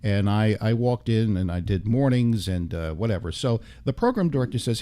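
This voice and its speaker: An older man, a radio broadcaster, telling stories as a guest in a radio studio interview, lively and full of quick asides. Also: fairly low pitch. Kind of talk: storytelling interview chat.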